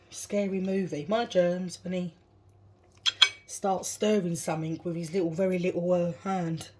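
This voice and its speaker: A woman with a lowish, steady voice talks at an unhurried pace as she vlogs her home cooking, chatting casually through each step and laughing at herself. She's in her home kitchen, and dishes and cutlery clatter in the background.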